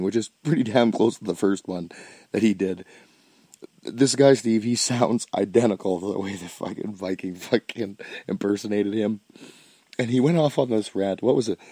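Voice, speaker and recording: A man's voice: on the low side, dark tone, no room sound. A man hosting a solo podcast, rambling with constant swearing, frequent restarts and bursts of laughter, and sounding stoned. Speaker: podcast host.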